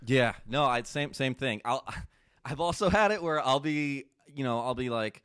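A man hosting a casual interview, an animated storyteller who laughs often. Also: medium pitch, normal speed, clean tone, no echo, clean studio sound. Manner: animated storyteller, laughs often, mimics himself speaking German. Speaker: podcast host interviewing guests.

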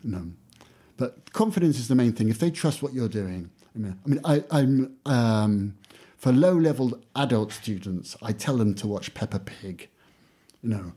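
A man's voice: mid-range voice, expressive, moderate pace, dark tone, breathy edge. A man who teaches English, talking casually in an interview and acting out classroom exchanges, with lots of "you know" fillers.

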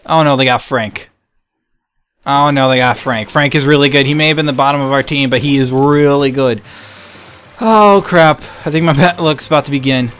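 A young man giving live gameplay commentary, excitable and swinging between hype and frustrated ranting. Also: mid-range voice, normal speed, smooth. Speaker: gaming channel host.

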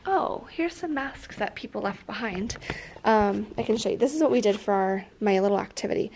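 A woman's voice: mid-range voice, gravelly, darkish tone, slight background noise. A young woman in her twenties, a teacher vlogging in a casual, chatty way with lots of fillers, her nose stuffed up from allergies. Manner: chatty, upbeat, many fillers. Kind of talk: casual vlog chat. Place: school classroom.

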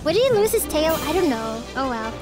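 A woman's voice: high voice, sing-song, brisk. A sick, coughing woman streamer chatting casually with viewers as she plays, giggly and swearing a lot. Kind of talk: casual live-stream chat while gaming. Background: game music.

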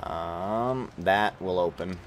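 A young man casually commenting while playing a video game, chatty, excitable and self-mocking. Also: low voice, slow pace, a little hiss or hum. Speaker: gaming commentator. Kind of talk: casual let's-play commentary.

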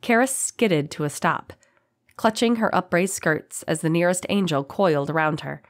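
A woman reads a fantasy audiobook aloud. Her voice sits low, and her reading is dramatic and expressive. The sound is dry and close. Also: moderate pace, dry recording. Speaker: audiobook narrator. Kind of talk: scripted fantasy narration.

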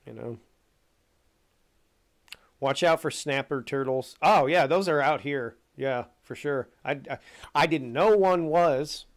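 A man talking casually and profanely on a stream, telling animated stories. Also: medium pitch, slow pace, long pauses. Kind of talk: casual rant.

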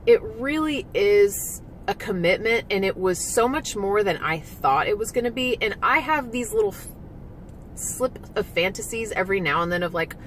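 A woman's voice: mid-range voice, expressive, moderate pace, a bit bright, slight background noise, rough recording. A woman vlogging candidly about competing, emotional and frank, swearing now and then and leaning on lots of "like" fillers. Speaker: vlogger and former physique competitor. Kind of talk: candid personal vlog.

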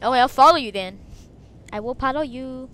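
A woman hosting a game video, chatting casually and breaking into excited shrieks. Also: high-pitched, normal speed, a little hiss or hum. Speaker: gaming video host. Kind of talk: casual gameplay commentary.

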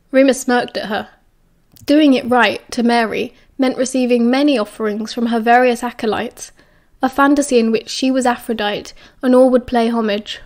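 A woman narrating a fan fiction audiobook in a measured, expressive reading style. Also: on the high side. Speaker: audiobook reader.

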